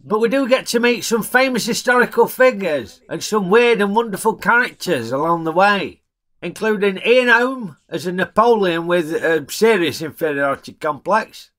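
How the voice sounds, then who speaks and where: A man's voice: high voice, expressive, normal speed, a bit bright. A man reviewing a film in a chatty, jokey way, using broad dialect. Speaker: film reviewer, channel host.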